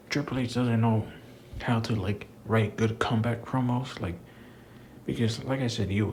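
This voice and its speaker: The speaker is a young man, a wrestling commentator vlogger, whose lowish, somewhat mellow voice comes through with slight background noise. He's exasperated and profane in this casual wrestling rant, repeatedly calling the listener "bro."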